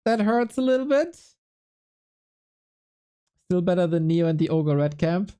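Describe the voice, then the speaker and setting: A woman's voice: on the low side, lively intonation, unhurried, warm tone, clean tone. A woman casting a game stream, chatting casually in a laid-back, self-mocking way and laughing often. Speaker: esports caster.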